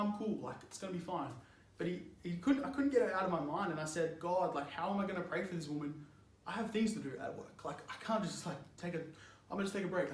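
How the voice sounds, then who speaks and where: A man's voice: high-pitched, echoey room. A young man from Australia giving a casual youth sermon, telling a story with lots of "like" and frequent laughs. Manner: animated, chatty, laughs often, lots of "like". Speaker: youth speaker.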